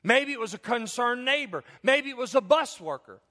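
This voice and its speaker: A middle-aged male pastor preaching a sermon, moving between loud, high passages and low, quiet appeals to the congregation. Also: animated, normal speed. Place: church sanctuary. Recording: long church hall reverb.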